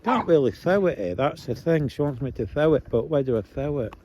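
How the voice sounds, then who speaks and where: Walking his dogs outdoors, a male vlogger chats casually and coaxes them along in a medium-pitched, expressive voice at a brisk pace. It was recorded on a handheld phone, with background noise.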